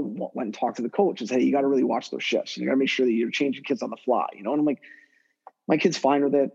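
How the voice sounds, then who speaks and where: A man, a guest hockey skill development coach, talking casually on a podcast in a rambling, animated way full of fillers and restarts. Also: on the high side, husky, lo-fi sound.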